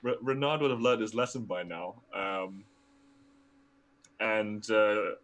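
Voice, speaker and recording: Low-voiced male player, chatty and laughing. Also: fairly bright tone. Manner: halting, laughing, with restarts. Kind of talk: casual tabletop game chat.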